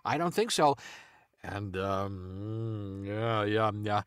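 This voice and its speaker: Rambling deadpan man, dry close sound. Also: fairly low pitch, extremely slow, clean tone, no room sound. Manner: rambling, deadpan, many ums and uhs. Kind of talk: improvised comedy chat.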